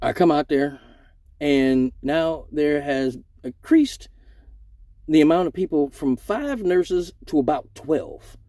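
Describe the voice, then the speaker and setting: A young man spins a profane story, swinging his pitch widely as he jumps into other people's voices. His tone is mellow and dark, and the room is dry and close. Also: animated, slow pace, dry recording. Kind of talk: casual storytelling.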